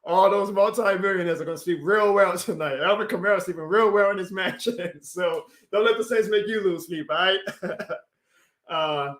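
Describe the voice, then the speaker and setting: A man's voice: sits high, a bit bright, roomy sound. A man chatting casually on a live stream, heartfelt and rambling, laughing often and answering chat. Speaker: YouTube sports streamer.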